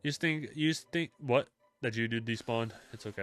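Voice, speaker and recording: A young man chatting casually with his live-stream chat, relaxed and talkative, with many fillers. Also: medium pitch, normal speed, no echo, soft background music.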